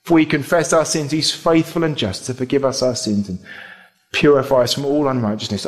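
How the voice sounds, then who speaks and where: A man's voice: mid-range voice, fairly quick. A man preaching a sermon in an earnest manner, building his points into rhetorical questions.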